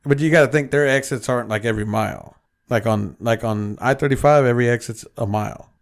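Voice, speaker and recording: Man co-host; loose, cussing, animated storyteller. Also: mid-range voice, fast talker, gravelly. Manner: profane, animated storytelling with voiced quotes. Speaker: podcast co-host. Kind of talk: casual chat.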